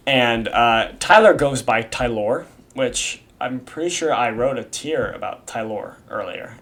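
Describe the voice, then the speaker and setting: Young man rambling through casual commentary. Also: medium pitch. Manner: rambling, swears often, slangy ("bro"), restarts. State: has the hiccups. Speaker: YouTube creator explaining a community iceberg.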